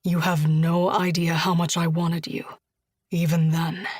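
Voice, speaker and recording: A woman voicing a tender, teasing young man, a lover, in a husky, low, intimate voice that sometimes drops to a whisper. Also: little pitch movement, a little slow, a little mellow, no echo, clean studio sound.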